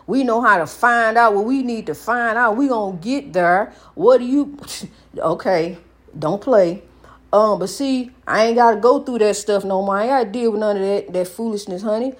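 A woman's voice: mid-range voice, normal speed. A middle-aged woman giving an emphatic, preachy inspirational monologue, often calling the listener honey. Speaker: speaker giving life advice.

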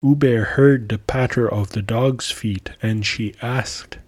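A man narrating a folktale for a podcast with measured, deliberate storytelling. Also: mid-range voice, husky.

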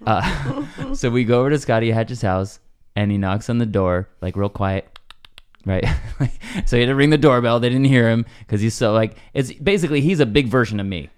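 A man, a comedian, chatting casually on a podcast, telling self-deprecating stories with quiet deadpan asides. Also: medium pitch, moderate pace, smooth. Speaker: comedian guest.

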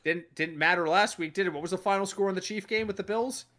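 A man hosting a casual sports podcast, talking in an animated way, swearing and acting out what other people said. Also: high voice, quick pace. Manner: animated, swears, acts out quoted voices. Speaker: podcast host.

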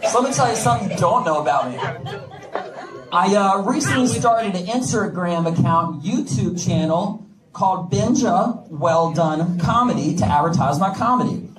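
A brash male comic works the crowd during his stand-up set, his voice high-pitched and animated at a moderate pace. The club sounds echoey through a distant mic, and audience laughter and noise fill the background.

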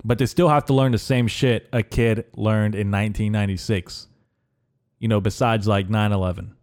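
A man hosting a podcast in a rambling, deadpan comedic monologue, halting with fillers. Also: fairly low pitch. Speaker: podcast host.

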